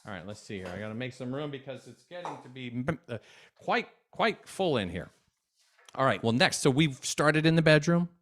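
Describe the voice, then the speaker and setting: A man's voice: medium pitch, very animated, moderate pace. A man teaching an at-home music lesson for children from his desk, upbeat and chatty, talking straight to young viewers.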